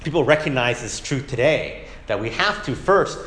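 With a mid-range voice at a normal pace, an adult man who has young kids gives a conversational Bible lesson in a Sunday school classroom at church that echoes. He's lively, frequently asks "right?", and performs the quotes.

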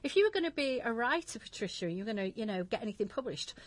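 A woman's voice: a little high, sing-song, quick pace. A woman hosting a chatty radio show, laughing often between her lines. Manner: giggly, chatty. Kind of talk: casual radio chat.

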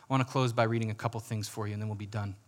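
A man preaching a sermon as pastor in a church, earnest, with slow emphatic rises and soft, quiet drops. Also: lowish voice, fairly even intonation. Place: church sanctuary.

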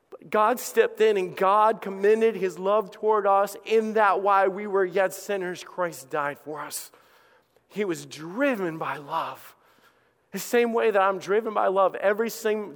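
A man's voice: sits high, normal speed, a bit bright. A middle-aged male pastor preaching an impassioned sermon, acting out the voices of his listeners. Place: church auditorium. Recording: long reverb of a large hall.

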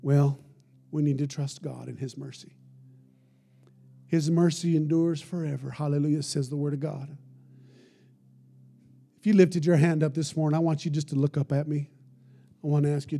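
A male pastor with a high, mellow voice delivers a sermon and leads an altar call. He swings between loud, pleading stretches and hushed, soft-spoken phrases. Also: fairly even intonation, moderate pace, vocal fry, pauses often.

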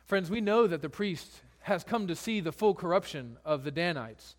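High-voiced man preaching casually. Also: animated, moderate pace, hardly any pauses. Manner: casual storytelling, paraphrasing scripture in everyday speech. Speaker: pastor. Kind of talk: sermon.

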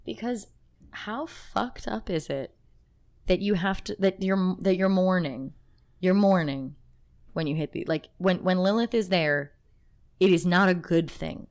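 A woman co-hosting a podcast in casual chat, emotional and halting, laughing through her feelings. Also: fairly low pitch, darkish tone. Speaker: podcast co-host.

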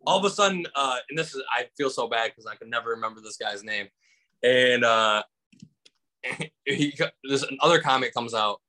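A man from Michigan, a comedian, telling a story in casual conversation with lively acted-out voices and lots of fillers. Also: mid-range voice. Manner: animated, acts out voices in anecdotes, many fillers. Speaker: stand-up comedian guest.

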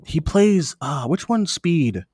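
A man in his twenties co-hosting a podcast, chatting in an animated way with laughs and quick asides. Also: on the high side, husky. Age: 20s. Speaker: podcast co-host. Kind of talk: casual chat.

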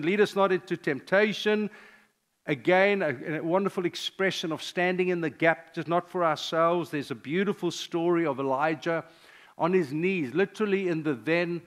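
An older man, a pastor, preaching a sermon with personal stories, sometimes dropping to a hushed confessional tone. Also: fairly high pitch.

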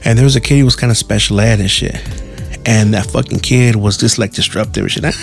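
A man's voice: fairly low pitch, fast talker, vocal fry, faint music behind. A man telling a rambling personal story in a casual, slang-heavy, profane way. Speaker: podcast host.

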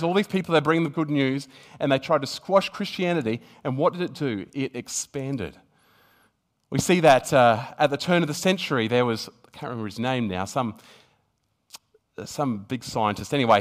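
A man delivers a sermon in a voice of ordinary, middling pitch. He talks earnestly, often restarting his phrases, and reads passages of scripture aloud. He swells to emphatic peaks before settling back to a calmer tone. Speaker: preacher.

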